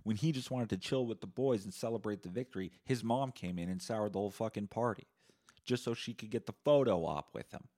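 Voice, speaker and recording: A man's voice: lowish voice, a little fast, dark tone. Canadian guy ranting solo on his podcast, sweary and sarcastic. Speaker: podcast host.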